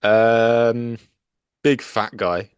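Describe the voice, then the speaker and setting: A man's voice: medium pitch, steady tone, very slow, smooth, no room sound. A man in his thirties from Dudley, co-hosting a casual gaming podcast with dry, jokey banter. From Dudley, England. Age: 30s. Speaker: podcast co-host.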